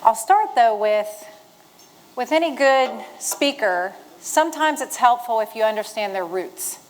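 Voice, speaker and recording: A middle-aged woman from the Shenandoah Valley in western Virginia tells stories to an audience in a somewhat high voice, folksy and funny, rallying the crowd like a retired Marine among fellow veterans. Her delivery is animated and a little slow. The rough recording carries a slight hiss or hum.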